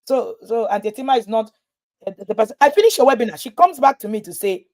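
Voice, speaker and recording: Talking fast in a fairly high voice, this Nigerian woman is a parenting coach addressing parents live online. She tells animated stories and imitates the people she quotes.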